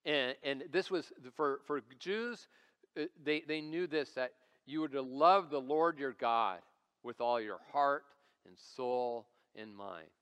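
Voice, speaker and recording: A man's voice: medium pitch, measured pace, fairly bright tone, clear, resonant tone. A man in his forties preaching a sermon as lead pastor, conversational and storytelling with self-deprecating humor, recorded live in a church. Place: church sanctuary. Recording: church hall reverb.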